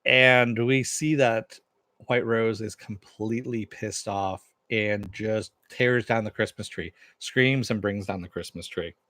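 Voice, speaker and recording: A man's voice: lowish voice, slow pace, fairly bright tone, dry recording, clean studio sound. A man reviewing a TV series, retelling an episode's scenes in a loose, casual way, paraphrasing the dialogue and filling gaps with "uh" and "kind of thing".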